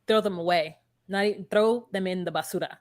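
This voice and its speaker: A woman's voice: lowish voice, fairly quick, dry recording, clean studio sound. A woman co-hosting a casual reality TV recap, chatty and wry as she retells scenes. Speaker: podcast co-host.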